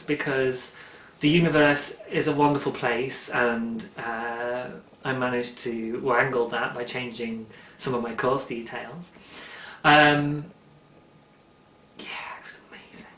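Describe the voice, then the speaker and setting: A man in his thirties hosting a knitting podcast, talking quickly and excitedly, with frequent laughs. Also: fairly high pitch. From United Kingdom. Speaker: podcast host. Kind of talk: casual knitting podcast chat. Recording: roomy, echoey room.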